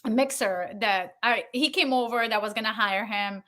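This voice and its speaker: A woman Foley artist telling stories as an interview guest, animated and laughing, acting out the voices of the people she quotes. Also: a little high, normal speed. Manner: animated, acts out quoted dialogue, laughs often. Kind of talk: casual interview storytelling.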